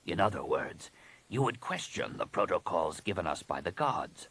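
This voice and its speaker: A man voicing a hushed, scheming alien priestess. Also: low-pitched, big pitch swings, husky, full character voice. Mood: menacing, hushed. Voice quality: hushed, partly whispered. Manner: measured and commanding. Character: cold scheming alien woman master shaper. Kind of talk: audiobook reading.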